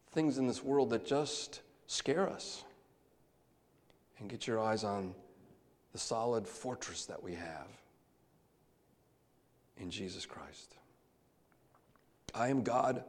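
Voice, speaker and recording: Man preaching in a reverberant hall. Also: medium pitch. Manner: swings from soft hushed lines to raised emphatic calls. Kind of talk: sermon.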